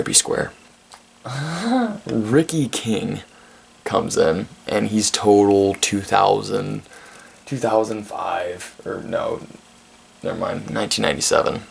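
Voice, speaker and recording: Man, twenties, low gravelly voice, husky, rambling profane movie recap. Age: 20s. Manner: rambling, profane, laughs often, many restarts. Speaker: vlog host reviewing a movie. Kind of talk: casual comedic movie recap.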